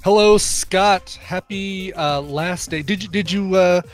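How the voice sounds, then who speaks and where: A man co-hosting a podcast in casual chat, halting and searching for words, quick to agree. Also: sits high, faint music behind. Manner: halting, many fillers and restarts, quick to agree. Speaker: podcast co-host.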